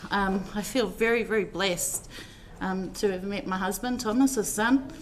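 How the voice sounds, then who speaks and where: A woman's voice: mid-range voice, normal speed, a little hiss or hum. Woman sharing a heartfelt family eulogy. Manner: heartfelt, rambling, frequent "um" fillers. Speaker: family member giving a tribute at a funeral service. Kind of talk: personal eulogy storytelling.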